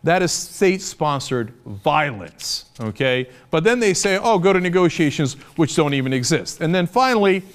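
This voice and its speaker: A man's voice: on the high side, animated, moderate pace, few pauses. A man giving impassioned, sarcastic political commentary, arguing his point hard. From United States.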